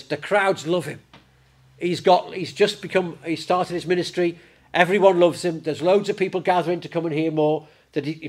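Animated preacher. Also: male voice, on the high side. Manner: animated, acts out the disciples in a raised voice. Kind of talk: sermon.

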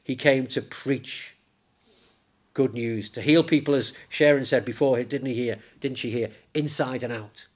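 A man preaching a sermon in church, lively and conversational, raising his voice when he acts out the disciples. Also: medium pitch, unhurried. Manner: animated, acts out the disciples in a raised voice.

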